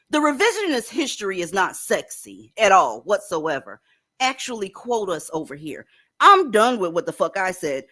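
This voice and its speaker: A woman's voice: mid-range voice, fairly bright tone, dry recording, clean studio sound. A woman hosting a profane reaction commentary, talking bluntly and swearing freely as she goes through clips. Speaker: commentary host.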